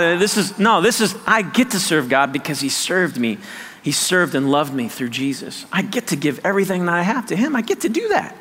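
A man's voice: sits high, expressive, a little fast, bright, forceful tone, big-room sound, some chatter behind, slight background noise. A man preaching a sermon, emphatic and repetitive, often checking that listeners follow. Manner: emphatic, repeats phrases, asks "does that make sense". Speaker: pastor.

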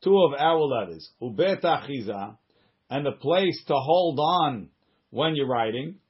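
Reading Hebrew and Aramaic passages and explaining them in English, a Talmud teacher keeps restarting and slipping in asides. His medium-pitched voice is expressive, measured and breathy-edged, with the highs cut off in the recording.

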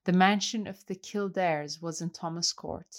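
A man's voice: sits high, steady tone, normal speed, fairly bright tone. A woman reader voicing a polite young clergyman with a refined way of speaking. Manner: courteous, refined speech.

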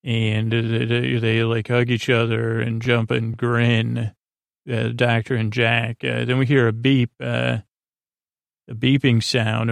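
A man casually recapping a story as a podcast host, halting and rambling with many filler sounds. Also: medium pitch, creaky, dry recording, clean studio sound.

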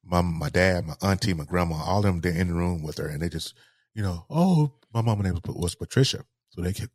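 A man with a low, husky voice talks slowly and haltingly, circling back over his words. The sound is close and dry. He speaks in a heartfelt interview. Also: darkish tone, no echo. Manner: halting, repeats words, grieving tone. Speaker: guest. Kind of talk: emotional interview storytelling.

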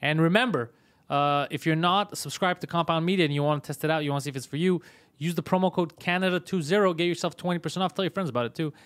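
A male comedian hosting a casual live stream, loud and profane, mock-bullying his co-host. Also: fairly high pitch, fast talker, clean tone, no echo.

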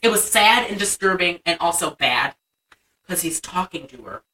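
A woman's voice: lowish voice, lively intonation, moderate pace, sharp tone, far from the mic, low-quality recording. A young woman co-hosting a casual chat, animatedly retelling a movie scene and acting out the lines. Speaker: podcast co-host.

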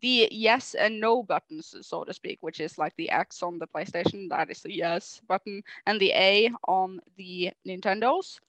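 A woman co-hosting a podcast in casual chat, explaining things at length in a relaxed way on a poor microphone. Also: medium pitch, normal speed, hardly any pauses, dry recording. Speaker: podcast co-host. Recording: poor microphone, dry sound.

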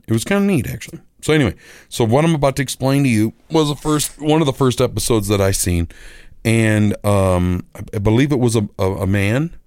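A middle-aged man, a radio host and musician, telling a rambling story in a casual, animated way and acting out the voices of other people. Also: lowish voice, dry recording, clean studio sound.

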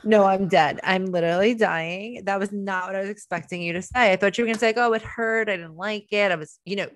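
A woman's voice: medium pitch, fast. A young woman co-hosting a podcast, teasing her friend and laughing often in casual chat. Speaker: podcast co-host.

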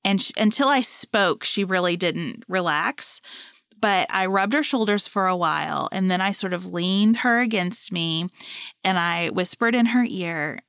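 A woman's voice: on the low side, a little slow, clear, resonant tone, dry recording. Chatty woman podcast co-host, dry sound. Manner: warm, animated storytelling with laughs. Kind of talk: casual chat, telling a family story.

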